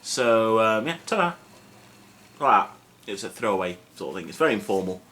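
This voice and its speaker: A man's voice: lowish voice, normal speed. Chatty man teaching greetings. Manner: relaxed, self-mocking, chatty with many fillers. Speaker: Welsh language teacher. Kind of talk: casual video lesson. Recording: faint background noise.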